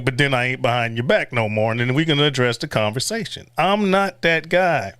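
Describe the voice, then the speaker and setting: A man's voice: mid-range voice, lively intonation, fairly quick, a bit bright, clean tone, dry recording, studio quality. A man hosting a casual livestream, blunt and profane, chuckling often and reading viewer chat aloud. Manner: chuckles often between remarks. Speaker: livestream host.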